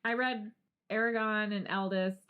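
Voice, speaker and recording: A young adult woman co-hosting a podcast in casual chat, animated, laughing often and swearing freely. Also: mid-range voice, moderate pace, smooth, phone-quality sound. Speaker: podcast co-host.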